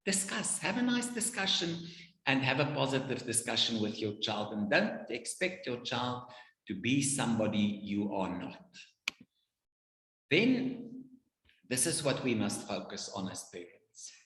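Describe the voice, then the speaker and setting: A man's voice: medium pitch, big pitch swings, unhurried, fairly bright tone. Emphatic man lecturing parents, echoey hall. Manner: emphatic, preachy, repeats commands. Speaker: parenting speaker. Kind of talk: advice talk with anecdotes. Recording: echoey room with long reverb.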